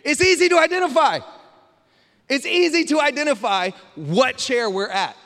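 A man's voice: very high voice, lively intonation, normal speed, sharp tone, in a large hall. A man preaching a casual, joking sermon as pastor and calling on the crowd for amens. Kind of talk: lively sermon.

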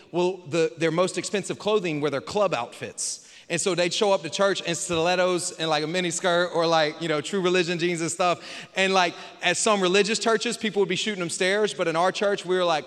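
A man's voice: high-pitched, fairly even intonation, a little fast, fairly bright tone, in a large hall. A man preaching a casual, joking sermon as pastor and calling on the crowd for amens. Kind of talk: lively sermon.

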